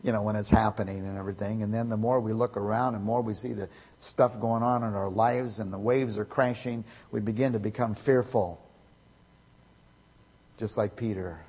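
Male pastor preaching, emphatic, somewhat husky voice, long hall reverb. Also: on the low side, fairly even intonation, moderate pace. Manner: emphatic, swings from loud to quiet. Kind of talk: sermon.

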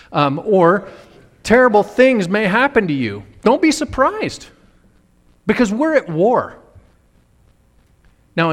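A man preaching a sermon as a pastor, fervent and dramatic, acting out the voices he quotes. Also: fairly high pitch. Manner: fervent, acts out quoted voices with big swings. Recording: long reverb of a large hall.

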